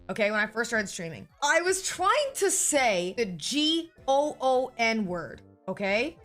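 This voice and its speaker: Young woman, streamer, casual storytelling, blunt and profane, slightly high voice, faint background music. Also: a bit bright. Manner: blunt and profane, often adding a checking "okay?".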